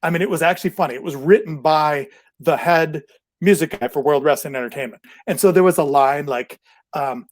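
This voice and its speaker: A man's voice: a little high, fairly quick. Man, podcast host, casual storytelling, rambling, laughs often.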